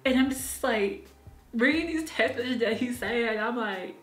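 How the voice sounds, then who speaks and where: In an echoey room with faint music in the background, a woman with a fairly high voice talks unhurriedly. She's vlogging from her apartment in a casual, confessional style, speaking frankly, swearing a lot and laughing at herself along the way.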